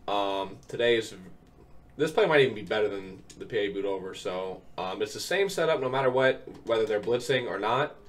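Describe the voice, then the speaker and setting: A man's voice: lowish voice, lively intonation, brisk, fairly bright tone. A young man recovering from an illness gives casual gameplay commentary, laid-back and full of ums as he explains plays step by step. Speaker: video game tips creator. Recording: distant mic, faint keyboard noise.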